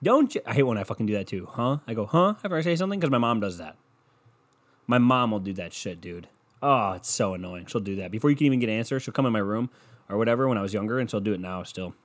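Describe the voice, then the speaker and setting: A man's voice: on the low side, animated, quick pace. Profane rambling podcast man. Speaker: podcast host. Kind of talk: solo podcast rant. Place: bedroom, in the dark. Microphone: microphone.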